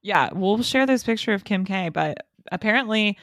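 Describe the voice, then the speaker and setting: A woman's voice: mid-range voice, expressive, normal speed, fairly bright tone, no echo, studio quality. A woman co-hosting a casual podcast, chatty and giggly, with lots of "like" fillers. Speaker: podcast co-host. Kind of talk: casual chat.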